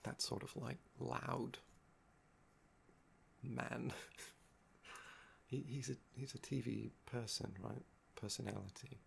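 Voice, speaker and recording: A young man with a gravelly, fry-laden voice, talking in a soft-spoken ASMR chat that meanders and trails off. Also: mid-range voice, fairly even intonation, measured pace, a little hiss or hum. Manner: meandering and musing, often trailing off with "um". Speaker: ASMR channel host.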